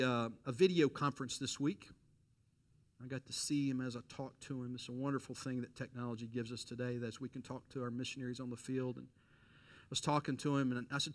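A middle-aged man preaching a sermon, telling a personal story with lively quoted voices and direct appeals to listeners. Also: medium pitch. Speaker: pastor.

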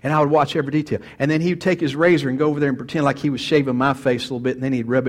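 A man delivering a sermon in a folksy, storytelling way, often doubling back on his words. His voice sits a little high for a man. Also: very fast, hardly any pauses. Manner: folksy storytelling preacher with frequent restarts. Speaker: pastor.

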